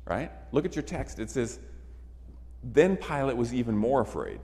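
A man's voice: medium pitch, big pitch swings, moderate pace, warm tone. A man preaching a sermon emphatically, repeating phrases for effect. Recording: long reverb of a large hall.

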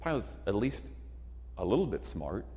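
A man's voice: on the low side, big pitch swings, moderate pace, dark tone. A man preaching a sermon emphatically, repeating phrases for effect. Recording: long reverb of a large hall.

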